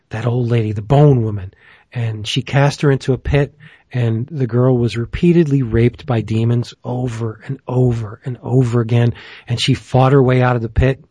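A man's voice: mid-range voice, warm tone, husky, dry recording. A man hosting a casual chat who rambles enthusiastically, with plenty of fillers. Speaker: podcast host.

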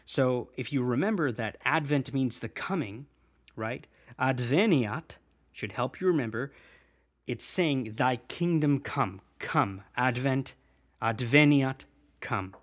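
A man teaching a prayer line by line, repeating each phrase slowly and patiently for the listener to say back. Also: mid-range voice, lively intonation, husky. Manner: patient, repeats and drills words aloud; slows to spell out the words.

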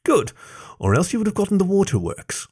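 A man voicing a playful, dramatic young male fox with a high, whiny, teasing voice in an audio story. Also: huge pitch swings, brisk.

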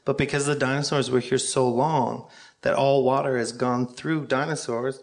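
A man's voice: mid-range voice, steady tone, normal speed, vocal fry. A man from Canada, a comedian, chatting casually with a dry, self-deprecating manner. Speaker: comedian guest.

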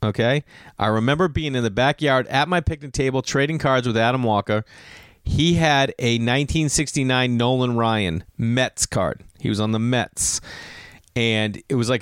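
A man's voice: moderate pace, smooth, no room sound, clean studio sound. Man telling rambling stories. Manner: rambling, self-deprecating, gets loud and high when excited. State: clearing his throat often. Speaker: podcast host. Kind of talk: casual storytelling chat.

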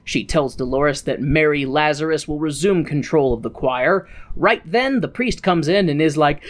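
A podcast host casually recapping a film, animated and a bit profane. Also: mid-range voice, moderate pace, few pauses. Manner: animated, profane, laughs often.

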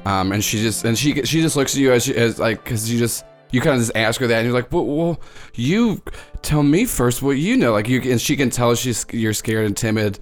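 A man's voice: mid-range voice, steady tone, quick pace, few pauses, faint music behind. A man running a tabletop role-playing game, narrating in a loose, chatty way and laughing easily. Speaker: game master.

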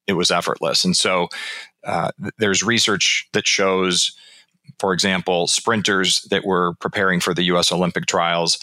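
A man's voice: deep voice, bright, forceful tone, dry recording. A man being interviewed about his book, explaining research and telling anecdotes in a conversational way. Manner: storytelling, explanatory, frequent restarts.

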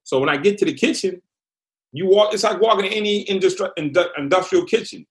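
Animated middle-aged male storyteller. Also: high-pitched, quick pace. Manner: animated storyteller, acts out quotes. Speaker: podcast guest. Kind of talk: storytelling interview.

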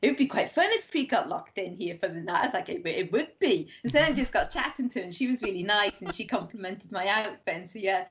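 Brief: woman guest, casual rambling storyteller, mid pitch, dull lo-fi audio. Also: animated, fast talker, few pauses, a bit bright. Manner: rambling anecdotes full of "like", acting out quoted voices. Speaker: guest author. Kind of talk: casual chat. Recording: muffled lo-fi sound.

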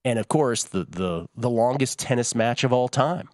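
A man's voice: medium pitch, expressive, moderate pace, a little mellow, dry recording, clean studio sound. A man hosting a sports betting talk show, chatting casually in a rambling, jokey way that keeps interrupting itself.

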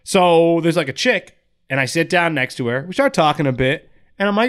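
A young man casually telling a rambling, profane story in a relaxed podcast chat. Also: on the high side, brisk, clear, resonant tone.

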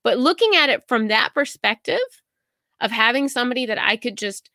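A woman's voice: a little high, expressive, a little fast, sharp tone, no echo. A woman talking casually in a reflective podcast monologue, chatty and digressive with lots of fillers, earnest when she turns personal. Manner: chatty, digressive, many "you know" and "like" fillers.

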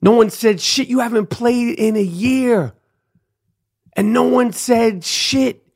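A man's voice: extremely high pitch, takes it slowly, creaky. A middle-aged man, hosting his own podcast in a brash, profane, trash-talking rant. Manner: loud, brash, trash-talking, repeats "Duke". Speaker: podcast host. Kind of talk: profane ranting monologue.

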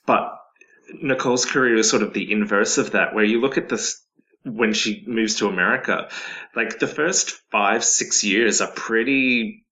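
A man's voice: on the low side, unhurried, bright, forceful tone, rough recording. A man, wry and opinionated, chatting casually about films on a podcast. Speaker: podcast co-host. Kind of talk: casual film chat.

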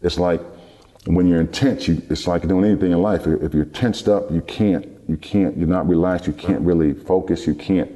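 A man's voice: sits low, moderate pace, dull audio. A middle-aged man, a former athlete, telling a long story in an interview and acting out what others said to him. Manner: relaxed, rambling storyteller who acts out quoted dialogue. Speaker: guest, former basketball player.

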